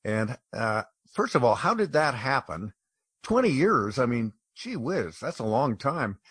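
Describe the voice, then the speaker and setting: A man's voice: medium pitch, very animated, measured pace, fairly bright tone, breathy edge, no echo. A man interviewing a guest in casual chat, with a joking, folksy manner.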